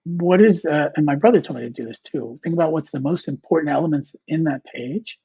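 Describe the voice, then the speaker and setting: A man's voice: a little high, brisk, creaky, dark tone, husky, no room sound. A man, a comic artist guest, talks casually in an interview and rambles with fillers and restarts. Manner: rambling, many fillers and restarts, quotes mentors. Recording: dull, slightly lo-fi dry sound.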